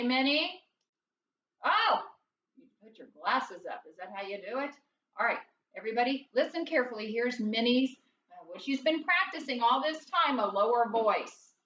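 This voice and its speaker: A woman teaching first grade in a recorded lesson, slow and gentle, coaxing a puppet along as she talks to the kids. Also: fairly high pitch, a little hiss or hum. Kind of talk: recorded lesson for young children. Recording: roomy, dull sound from a distance.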